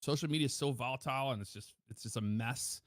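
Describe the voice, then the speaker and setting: A man chatting casually as a guest, self-assured and quick in bursts, speaking right on a close studio mic with heavy EQ. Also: medium pitch, no echo. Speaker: guest streamer. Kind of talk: casual chat. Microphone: close dynamic mic with heavy EQ.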